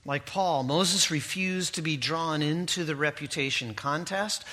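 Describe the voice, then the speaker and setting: A man's voice: a little high, a little slow, bright, forceful tone. A man preaching a sermon in a conversational way, breaking in with asides and tag questions. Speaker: pastor.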